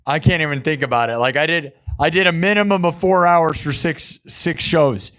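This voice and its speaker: A man's voice: on the high side, normal speed, a bit bright, clean tone. A man hosting a live music stream, chatting casually with viewers, laughing often and acting out quotes.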